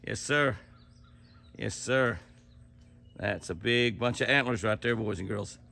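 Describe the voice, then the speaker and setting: Folksy older man, gravelly. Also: on the low side, measured pace, sharp tone, a little hiss or hum. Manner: folksy and chuckling, exclaims often. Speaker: ranch owner filming his deer. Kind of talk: casual outdoor narration to camera. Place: outdoors at a ranch house yard.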